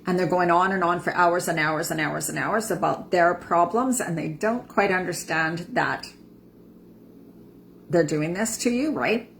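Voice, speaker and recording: A woman in her fifties coaching listeners in a relaxed motivational talk, her voice sitting a little low. She speaks conversationally and circles back to repeat key words for emphasis, with a faint hum of noise underneath. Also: unhurried, creaky. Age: 50s. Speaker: empowerment coach.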